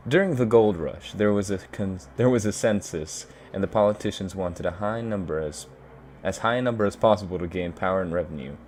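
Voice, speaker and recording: A man's voice: low voice, a little fast, a little mellow, a little hiss or hum, natural voice. A man voicing a composed, guarded but playful woman who runs a bar, read aloud from a game.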